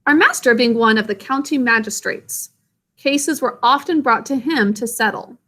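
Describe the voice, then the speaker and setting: A woman reads a classic storybook aloud to young listeners, stopping often to ask them gentle questions and explain hard words. Her voice sits slightly above the usual pitch for a woman. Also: normal speed. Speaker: storyteller reading to children. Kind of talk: read-aloud with explanations for children.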